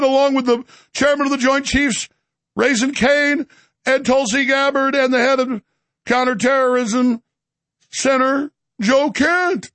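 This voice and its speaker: A man hosting his own show, delivering rapid-fire political commentary in a combative, sarcastic way. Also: very high-pitched, a bit bright, no echo. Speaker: show host.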